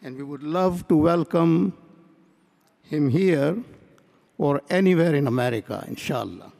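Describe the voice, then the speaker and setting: Male convention speaker with a high voice, measured parable-telling, recorded in a big echoing hall. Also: animated, gravelly, dark tone. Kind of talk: welcome speech at a convention. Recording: long hall reverb.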